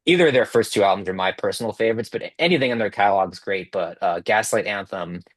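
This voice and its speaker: A man in his thirties talks over a video call in a loose, rambling way, piling up filler words and restarting his sentences. His voice sits a bit low. The sound is dry and close, with almost no room around it. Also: quick pace, no room sound. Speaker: author guest.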